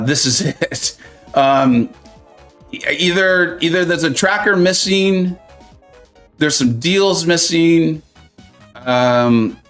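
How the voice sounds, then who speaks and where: A man's voice: a little high, fairly bright tone. A man hosting a live mobile-game stream, chatting and joking with viewers, reading their comments aloud and laughing often.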